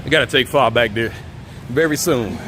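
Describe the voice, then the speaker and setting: A man hosting a casual walk-and-talk live stream outdoors, relaxed and chatty, reading the chat aloud and laughing often. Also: medium pitch, moderate pace, a little hiss or hum. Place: outdoors on city streets, walking.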